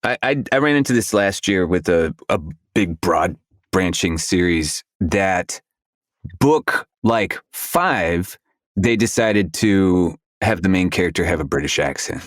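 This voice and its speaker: A man who is an audiobook narrator, a guest on a roundtable podcast, telling animated, winding stories. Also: low-pitched, a little slow, no echo, studio quality. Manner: animated storyteller, talks in long winding stretches. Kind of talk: casual roundtable discussion.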